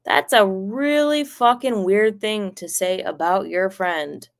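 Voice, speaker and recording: A woman streamer rambles casually through a personal story, saying "like" constantly, swearing freely and growing animated. She speaks slowly at a medium pitch with vocal fry.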